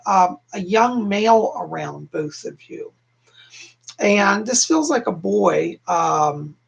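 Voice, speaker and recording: Gravelly-voiced man giving psychic readings. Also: high voice. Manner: chatty, reassuring, addresses viewers as hon and darling. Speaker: psychic reader, host. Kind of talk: live-stream psychic readings to viewers.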